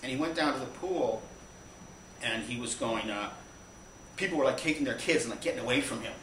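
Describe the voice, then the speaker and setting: Picked up from far off by a mic on a small stage, a man tells a wandering live story, stopping and restarting along the way. His medium-pitched voice is a bit bright, the room rings with echo, and a faint ambient hum lies beneath him.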